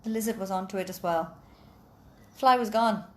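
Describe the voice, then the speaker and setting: A woman telling a folk tale aloud in an animated, expressive way, adding sound effects. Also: medium pitch, moderate pace. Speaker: storyteller. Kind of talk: oral storytelling.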